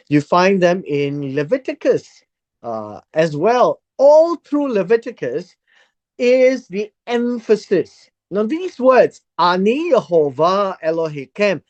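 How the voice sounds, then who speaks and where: A Bible study teacher who reads verses aloud and explains them word by word in an unhurried teaching style. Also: medium pitch, a little mellow, muffled recording.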